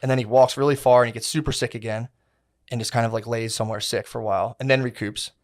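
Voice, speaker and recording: A man's voice: medium pitch, fairly even intonation, quick pace. Slangy, rambling male podcast co-host. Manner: rambling, slangy, profane, acts out quotes. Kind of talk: casual storytelling chat.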